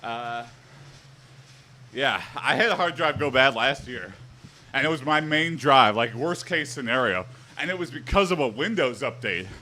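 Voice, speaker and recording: Bright-voiced rambling young streamer man. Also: medium pitch, lively intonation, normal speed. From Southeast Michigan. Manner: rambling, jokey, reacts to chat with asides. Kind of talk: casual live-stream chat.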